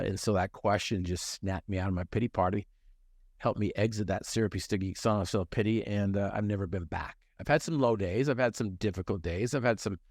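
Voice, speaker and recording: A man's voice: low-pitched, a little mellow, no room sound, studio quality. A middle-aged man telling his personal story in a conversation, earnest and emphatic, repeating phrases for effect.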